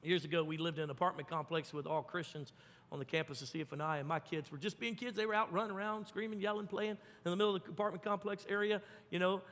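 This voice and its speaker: A man preaching a sermon as pastor, telling stories with big swings from loud to hushed. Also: sits high, steady tone, fast. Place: church sanctuary. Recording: long hall reverb.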